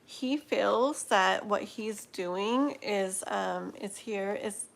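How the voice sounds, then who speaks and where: Slow, halting woman reading tarot. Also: medium pitch, gravelly. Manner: slow, halting, with many fillers and restarts. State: emotional, laughing through tears. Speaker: tarot reader. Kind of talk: live-stream tarot reading.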